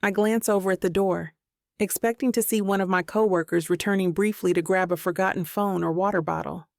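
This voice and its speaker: A woman narrating a first-person romance audiobook with an expressive, inner-monologue style. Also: mid-range voice, fairly quick, creaky, no room sound, clean studio sound.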